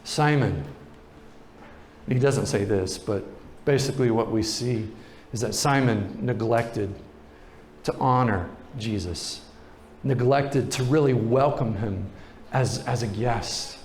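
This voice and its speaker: A pastor preaching a sermon, retelling a story in a relaxed, conversational way. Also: male voice, mid-range voice, slow pace, long pauses, reverberant, a little hiss or hum.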